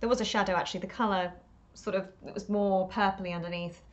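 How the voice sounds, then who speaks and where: A woman's voice: medium pitch, fairly even intonation, fast, muffled recording. Woman painting live on stream, rambly, talks to herself a lot, self-deprecating, giggly. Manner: rambling, self-talking, laughs often, self-deprecating. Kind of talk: chatty live-stream commentary while painting.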